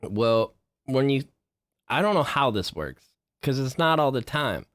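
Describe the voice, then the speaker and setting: Casual male vlogger, mid-pitched, swears a lot, rambles and gets heated; dry close mic. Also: sing-song, unhurried, a bit bright, no echo. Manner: profane, rambling, gets worked up.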